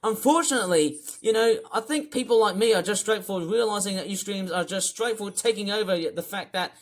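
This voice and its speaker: Young vlogger in a loud angry rant. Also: mid-range voice, a little fast. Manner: ranting, repetitive, swings into shouting.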